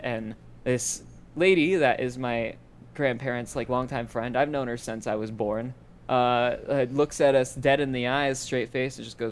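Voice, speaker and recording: A man's voice: medium pitch, steady tone, a little slow, clear, resonant tone. A young man from Idaho, a podcast co-host, telling a rambling story in casual chat and laughing as he goes. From Boise, Idaho.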